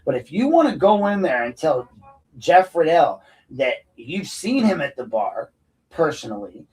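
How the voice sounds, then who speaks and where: A man's voice: a little high, sing-song, a little slow, darkish tone, distant mic, low-quality recording. A man hosting an unscripted solo show, ranting in a profane, combative, heated way. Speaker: podcast host.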